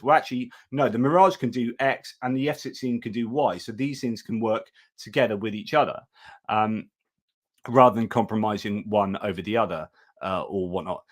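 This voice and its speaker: A man's voice: on the low side, moderate pace. A man hosting a live-stream news update, reading items aloud with frequent fillers, restarts and chatty asides. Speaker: host.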